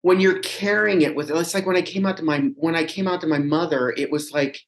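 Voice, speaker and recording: A man talking as a podcast guest, telling a personal story in an animated, rambling way. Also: fairly high pitch, a little fast. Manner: animated, chatty, rambling with restarts. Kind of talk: casual storytelling chat.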